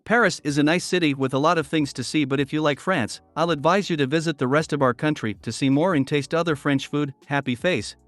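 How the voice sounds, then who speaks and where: A man reading online stories aloud as a narrator in a steady voice. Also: a little high, fairly quick, hardly any pauses, no room sound. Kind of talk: scripted story narration. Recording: dry with faint music behind.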